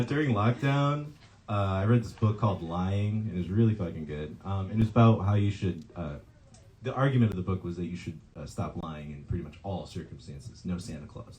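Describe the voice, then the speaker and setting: Hesitant man reading poetry, dark voice. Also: sits low, rough recording. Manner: halting, hesitant, many ums and uhs. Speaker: poet reading at an open mic. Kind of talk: poetry reading with casual asides. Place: bookstore poetry night.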